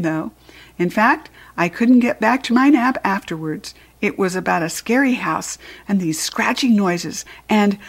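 Expressive woman reading a children's book. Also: medium pitch. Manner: expressive, playful first-person storytelling. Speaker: audiobook narrator. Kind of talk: children's audiobook narration.

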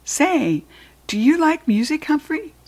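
A woman's voice: high-pitched, very animated, a little slow, a little mellow, voice pushed up, heavily acted. A woman reading a jolly janitor man. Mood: jovial. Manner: jovial, chatty, teasing. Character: cheerful jokey male school janitor, middle-aged. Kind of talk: storybook read-aloud.

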